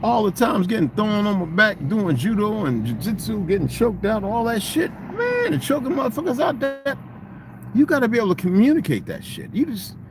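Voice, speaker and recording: A middle-aged man in a casual, profane rant, swinging into loud, mocking quotes of other people. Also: sits high, noisy background. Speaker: vlogger.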